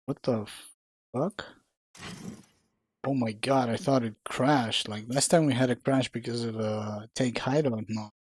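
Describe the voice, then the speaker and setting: A man's voice: medium pitch, fairly even intonation, a little slow, slightly rough, dry recording. A man streaming a video game live, giving casual commentary. He swears freely and laughs at what happens on screen.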